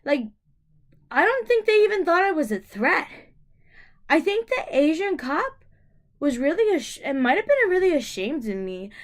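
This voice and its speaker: A woman's voice: high voice, very animated, normal speed. A young woman vlogger telling a personal story to camera, emotional and rambling, with many fillers and restarts.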